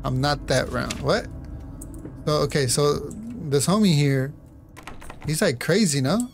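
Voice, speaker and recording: A man's voice: on the high side, lively intonation, unhurried, gravelly, over music. A man doing let's play commentary on a horror game, jumpy and apologetic, with nervous laughs and a lot of swearing. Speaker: gamer.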